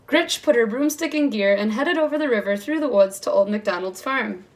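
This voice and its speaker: A woman with a somewhat high voice reads a picture book aloud to a kindergarten class. Her storytime delivery is expressive and lively, shifting into voices for the characters. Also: brisk. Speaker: kindergarten teacher.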